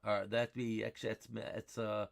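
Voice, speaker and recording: A man hosting a live weather stream, talking excitedly over radar maps and repeating himself as he rambles. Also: fairly low pitch, normal speed, creaky, heavy background noise.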